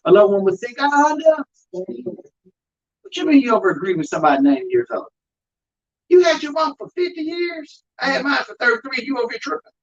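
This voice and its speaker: High lively husky guy, undertaker preaching to the crowd, lo-fi live recording. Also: fairly quick. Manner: animated, emphatic storytelling, addresses crowd as y'all. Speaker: undertaker giving a talk on grief. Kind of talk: preaching-style talk to an audience.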